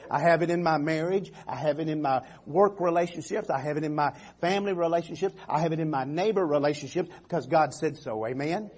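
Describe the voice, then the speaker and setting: In a church sanctuary, a pastor preaches a sermon, calling out "Amen" and "come on" and often restarting his phrases. His voice is a little high and a little mellow with a breathy edge, moving a little fast with hardly any pauses.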